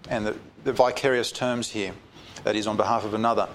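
A man teaching a Bible study, reading scripture slowly and with emphasis, then explaining it in a loose, conversational way. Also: medium pitch, steady tone, a little hiss or hum.

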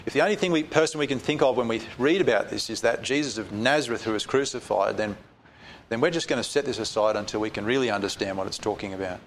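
A man leads a Bible study in a mid-range voice. He reads scripture slowly and with weight, then drops into relaxed, conversational explanation. A faint ambience hangs behind him. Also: medium pitch, slight background noise. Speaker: Bible teacher.

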